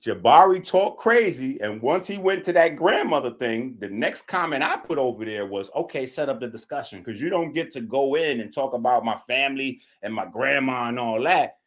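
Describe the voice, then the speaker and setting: A man's voice: mid-range voice, animated, moderate pace, few pauses. A man hosting a show, giving a mocking, preachy commentary on a clip he has just played. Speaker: show host.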